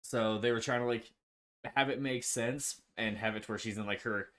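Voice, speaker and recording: A man's voice: lowish voice, steady tone, moderate pace, a bit bright. A man co-hosting a casual movie discussion, speaking hesitantly with many fillers. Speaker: co-host.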